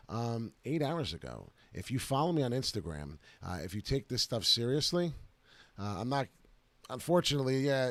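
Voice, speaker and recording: A man hosting a casual crypto live stream, excited and rambling with lots of filler "uh"s, talking into a close desk mic at home. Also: mid-range voice, dry recording. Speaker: crypto video host.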